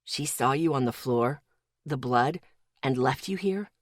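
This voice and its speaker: A woman's voice: low-pitched, lively intonation, moderate pace, no room sound, studio quality. Woman voicing a furious protective young man. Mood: hushed. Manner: hushed at first, then growling and shaking with anger. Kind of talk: audiobook character reading.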